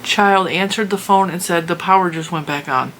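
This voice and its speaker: A middle-aged woman, a crafting channel host, telling a story in a casual, animated and exasperated way. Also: lowish voice, normal speed, slight background noise. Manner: animated, exasperated retelling with laughs.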